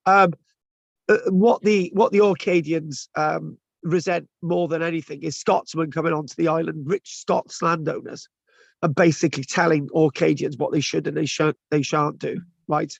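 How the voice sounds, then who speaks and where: A man's voice: a little high, steady tone, moderate pace, creaky, no echo. A man giving an informal lecture to a class, chatty and full of restarts and tag questions. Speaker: lecturer teaching an online class. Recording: dull lo-fi, dry sound.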